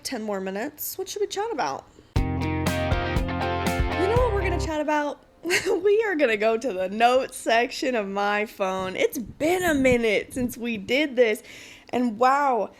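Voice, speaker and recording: A woman in her twenties hosting a casual solo podcast, chatty and giggly, giving an encouraging pep talk. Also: a little high. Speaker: podcast host.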